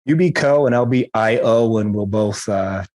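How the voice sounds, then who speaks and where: A podcast host in a casual interview asks rambling questions with a jokey, self-deprecating manner. His voice is fairly low and a little mellow, at a normal speaking pace.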